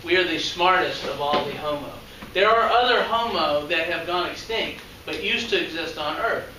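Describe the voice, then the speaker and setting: Speaking at a normal pace, this male biology teacher at a high school sounds bright and forceful, his pitch fairly high. He keeps the lecture conversational and keeps turning questions back to the class. The recording comes from far off in an echoey classroom with faint noise.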